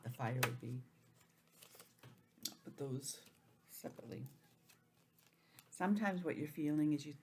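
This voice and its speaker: A woman with a lowish voice teaches young children over a computer, gentle and sing-song. She acts out feelings with big swoops of expression. A faint room hum sits behind her. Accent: New England. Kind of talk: online lesson for young children.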